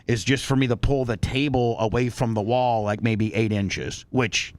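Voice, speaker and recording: A man's voice: medium pitch, steady tone, normal speed, dry recording. A man hosting a radio talk show, telling a story bluntly and with animation, swearing as he goes. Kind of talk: casual talk-show chat.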